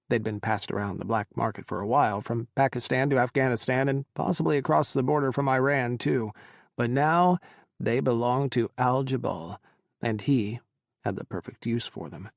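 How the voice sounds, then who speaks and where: A man reading an audiobook in measured, dramatic storytelling narration. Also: medium pitch, vocal fry, no room sound, clean studio sound.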